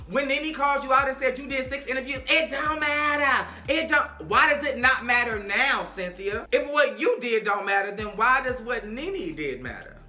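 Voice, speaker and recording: Blunt woman vlogger, bright edgy tone, echoey room, faint music, casual profane recap. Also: a little high. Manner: blunt and sassy, swears freely and addresses the cast directly. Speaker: reality TV recapper.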